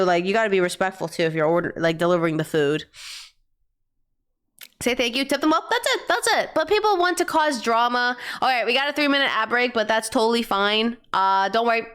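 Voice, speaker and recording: A woman streamer chatting casually to her chat while picking reaction videos, rambling, swearing offhand and breaking into excited bursts. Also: a little high, a little fast, smooth.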